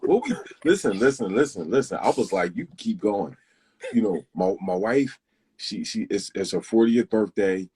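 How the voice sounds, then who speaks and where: Guest guy telling a story, warm husky voice, kinda earnest and keeps restarting. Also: lowish voice, normal speed. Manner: earnest, tells stories with many restarts. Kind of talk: casual storytelling chat.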